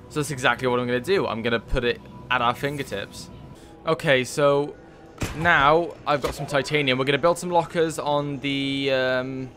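A man's voice: medium pitch, a bit bright, slight background noise. A man giving casual gameplay commentary, thinking aloud with many fillers and swearing when moved. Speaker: let's play gamer.

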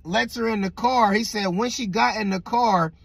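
Young man, lively storytelling with cussing, dry close sound. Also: sits high, normal speed, creaky, husky, no room sound. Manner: animated, swears a lot, keeps asking "right?". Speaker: vlogger. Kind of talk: casual storytelling.

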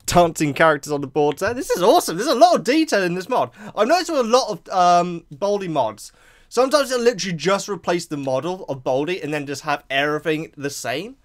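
A man giving excitable, chatty let's play commentary, joking and laughing often. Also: high voice, brisk, no echo, studio quality. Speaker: YouTube gamer.

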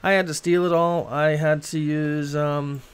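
A middle-aged man from Boston talks loosely through a gaming livestream, his voice sitting a little high for a man. He rambles from thought to thought, with plenty of filler and cursing scattered throughout. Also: level tone, a little slow, clean tone. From Boston, USA. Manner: rambling, swears freely. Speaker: game streamer. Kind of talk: casual gaming livestream chat.

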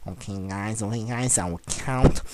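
A man's voice: moderate pace, heavy background noise. Boastful teenage boy trash-talking a game. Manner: boastful trash-talking, bursts into shrill yelling. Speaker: gamer commentator. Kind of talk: gameplay commentary.

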